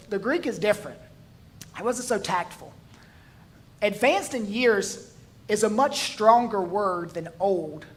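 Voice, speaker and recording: A man's voice: high-pitched, a bit bright, slight background noise. A male pastor preaching a sermon, mixing jokes into his storytelling and swelling to emphatic peaks.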